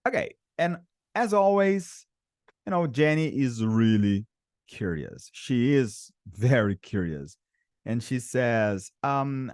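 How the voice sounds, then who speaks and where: A man's voice: mid-range voice, expressive, a little mellow, no room sound, clean studio sound. Patient Brazilian man teaching English. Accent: Brazilian Portuguese. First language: Portuguese. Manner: patient, repeats words slowly for students. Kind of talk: online English lesson.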